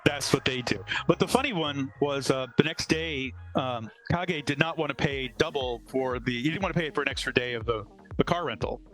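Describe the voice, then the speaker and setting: Bright-voiced man telling a story. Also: medium pitch, a little fast, soft background music, rough recording. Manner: rambling anecdote, quoting others. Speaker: convention organizer. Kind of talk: casual storytelling on a live show.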